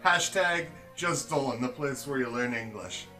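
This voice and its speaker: Young man, solo gaming host, casual, swearing, bright tone. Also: mid-range voice, moderate pace, soft background music, poor audio. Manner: casual, swearing, self-mocking. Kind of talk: solo game playthrough commentary.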